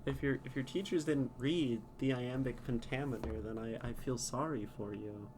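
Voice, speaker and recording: A man's voice: medium pitch, moderate pace, background noise. A man streaming live who reads a poem aloud and then chats casually with viewers, laughing often.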